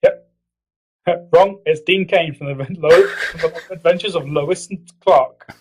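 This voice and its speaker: A man's voice: a little slow, slight background noise. A man hosting a casual podcast chat, rambling, giggling and swearing, slipping into mock impressions. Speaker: podcast host. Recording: low-quality audio.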